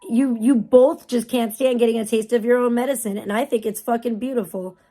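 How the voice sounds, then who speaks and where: A woman's voice: on the high side, fairly even intonation, a little fast, mellow. A woman streamer giving casual, profane, mocking commentary on clips during a livestream.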